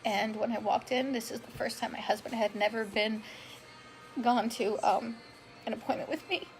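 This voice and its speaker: A woman's voice: a little high, fairly even intonation, moderate pace, soft background music, rough recording. A woman in her forties telling her personal story on a live stream, chatty and emotional, greeting viewers by name as she goes. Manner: emotional, self-described drama queen. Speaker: vlogger sharing her health story.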